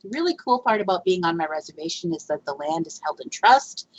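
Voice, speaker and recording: Speaking quickly and expressively in a fairly low, breathy voice, a woman guest spins a rambling Bigfoot research story for a podcast interview. She fills it with laughs and verbal fillers, all captured on muffled, lo-fi audio.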